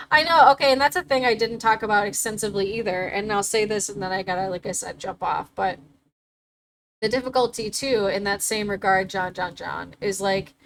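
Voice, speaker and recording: A woman's voice: mid-range voice, normal speed, fairly bright tone, low-quality recording. A young adult woman hosting a livestream, talking casually and animatedly, swearing and laughing often. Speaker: livestream host.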